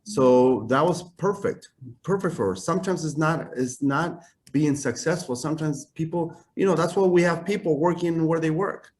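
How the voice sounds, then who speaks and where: A man in his fifties, a suit maker talking casually as an interview guest, self-assured and animated, often tagging lines with "right?". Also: on the high side, normal speed.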